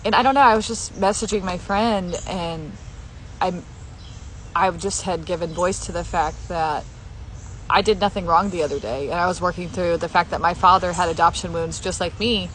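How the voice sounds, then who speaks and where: A woman with a lowish voice speaks with heartfelt emotion, repeating gentle affirmations to her viewers. She is recorded with a faint hum of noise in the background. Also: steady tone, moderate pace, poor audio. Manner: heartfelt, repetitive affirmations, tearful at times. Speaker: healing content creator. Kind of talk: emotional personal sharing to camera.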